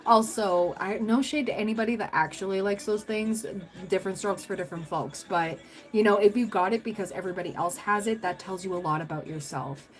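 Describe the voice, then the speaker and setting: A woman's voice: mid-range voice, a little fast, low-quality recording. Chatty young woman livestreaming. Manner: chatty, laughs often, rambling storytelling. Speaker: tarot livestream host. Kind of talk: casual livestream chat with viewers.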